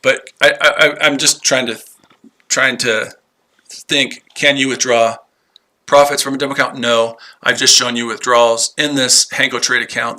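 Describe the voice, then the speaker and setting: A male livestream host talks straight to his chat viewers, combative and full of swearing. His voice is very bright and cutting, and he circles back over the same lines again and again. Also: mid-range voice. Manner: combative, profane, repeats himself.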